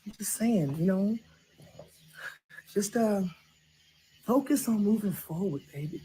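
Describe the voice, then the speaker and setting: A woman's voice: mid-range voice, animated, slow, mellow, a little hiss or hum, poor audio. A blunt, preachy middle-aged woman hands out sassy advice in a comedy sketch, as a woman plays her. She talks about faith and forgiveness with plenty of laughing asides. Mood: heartfelt advice.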